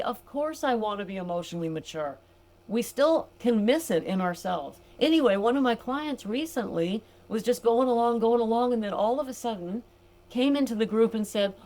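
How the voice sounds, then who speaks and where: A woman's voice: medium pitch, a little mellow. An older woman, a grandmother, hosting a sobriety coaching podcast, chatting casually with her listeners, laughing often and calling them gals. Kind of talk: casual podcast monologue reading from a book.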